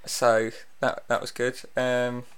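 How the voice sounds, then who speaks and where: A man's voice: medium pitch, completely flat delivery, takes it slowly, a bit bright, clean tone. A man hosting a radio show, telling rambling anecdotes in dry casual banter and mimicking the people in them.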